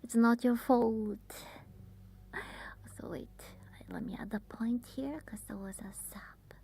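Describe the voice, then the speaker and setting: Woman, soft ASMR whisper, slow and unhurried, mellow tone, halting livestream chat. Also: fairly high pitch, breathy edge. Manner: soft whisper, chatting with viewers; halting, with many fillers. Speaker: ASMR streamer.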